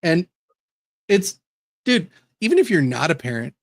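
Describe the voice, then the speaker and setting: A man co-hosting a podcast, recounting stories in animated casual chat. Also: on the high side, a little slow, dry recording, clean studio sound. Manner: animated storyteller, laughs while talking. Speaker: podcast co-host.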